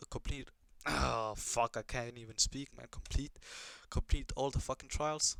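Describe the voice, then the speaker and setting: A man's voice: medium pitch, a bit bright, no echo. A young man giving casual reaction commentary on an anime, swearing a lot, rambling and asking puzzled questions.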